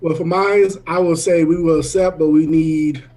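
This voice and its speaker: A man's voice: fairly high pitch, steady tone, warm tone. A man playing in an online tabletop game, asking about rolls and rules without hurrying. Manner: unhurried, asks rules questions. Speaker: player. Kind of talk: casual chat while playing a tabletop game.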